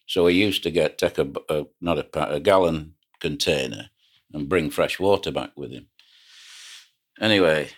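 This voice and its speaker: An older man with a very deep, low voice. He spins a rambling seafaring yarn in a relaxed, conversational way, often restarting his sentences. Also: moderate pace. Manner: rambling anecdotal storyteller with frequent restarts. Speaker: retired pilot boat skipper. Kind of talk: reminiscing oral history.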